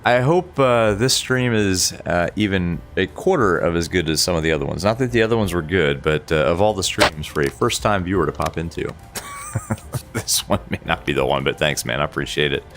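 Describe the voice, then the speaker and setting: A man with a croaky, sick-sounding voice chatting casually on a flight sim stream, laughing often as he talks through cockpit checks. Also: low-pitched, expressive, normal speed, a bit bright, slight background noise. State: sick, hoarse. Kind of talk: casual live-stream chat.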